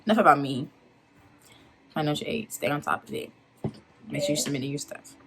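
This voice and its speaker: A woman's voice: deep voice, lively intonation, brisk, a bit bright, husky. A young woman, a college student, giving chatty and emphatic advice in a casual vlog. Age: young adult.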